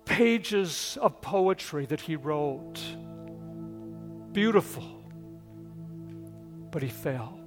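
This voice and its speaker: An older man preaches a sermon at a slow, deliberate pace. His voice sits fairly high for a man. He swings from lively, raised storytelling to quiet, earnest pleading. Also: music in the background. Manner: earnest, shifts from loud storytelling to hushed pleading. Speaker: pastor.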